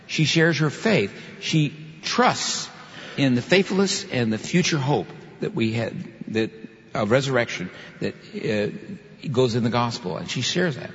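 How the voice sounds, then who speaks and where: A man's voice: medium pitch, a little slow, a bit bright. A man preaching a sermon, reading a scripture passage aloud and then explaining it with emphatic asides. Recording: muffled sound with long hall reverb.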